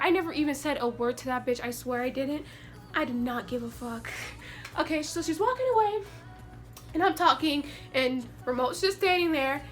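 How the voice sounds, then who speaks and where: A young woman telling a story in a casual, brash way, swearing freely and animated. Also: high-pitched. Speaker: vlogger.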